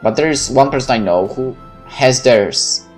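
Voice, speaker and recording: Expressive man reading a visual novel aloud. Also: medium pitch, measured pace, faint music behind. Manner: expressive, candid. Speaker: let's play narrator.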